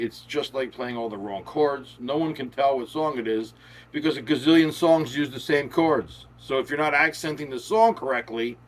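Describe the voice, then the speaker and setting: A man teaching guitar in a chatty, emphatic way, repeating key words and drifting into folksy asides. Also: fairly high pitch. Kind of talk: casual instructional talk to camera. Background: guitar playing.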